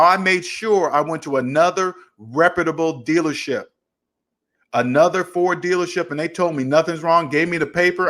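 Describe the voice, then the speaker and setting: A man with a raised voice, hosting a personal finance channel and telling a story in a casual, animated way, acting out both sides of an argument in quoted dialogue. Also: on the high side.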